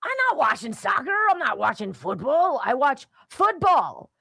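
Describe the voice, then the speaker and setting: A woman's voice: high-pitched, very animated, moderate pace, fairly bright tone, dry recording, voice pushed up, heavily acted. A woman doing a stubborn redneck guy. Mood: defiant. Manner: gruff, defiant boasting. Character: stubborn male redneck who scoffs at soccer.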